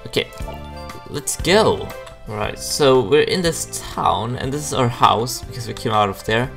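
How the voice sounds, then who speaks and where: A young man gives excited, giggly commentary as he plays a video game. His pitch jumps all over, and soft background music plays under his voice. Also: measured pace, vocal fry. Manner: excitable, giggly, exclaims often. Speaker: gaming video host. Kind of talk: casual gameplay commentary.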